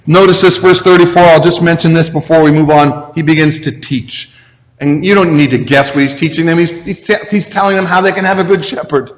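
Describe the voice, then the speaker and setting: A man's voice: fairly high pitch, long reverb tail. A man preaching a sermon as a pastor, in a conversational way with asides and restarts.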